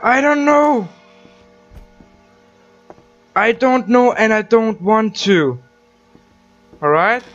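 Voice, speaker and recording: High-voiced, jumpy gaming man. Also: big pitch swings, drawn-out words, long pauses, fairly bright tone, dull audio, faint music behind. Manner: jumpy, swearing, talking to the game character. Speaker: gaming channel host. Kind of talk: horror let's-play commentary.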